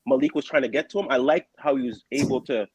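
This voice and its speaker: Husky, defensive male caller. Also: medium pitch, fast, darkish tone, no room sound, muffled recording. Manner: casual, defensive, many fillers. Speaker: caller on a boxing stream. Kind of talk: casual argument.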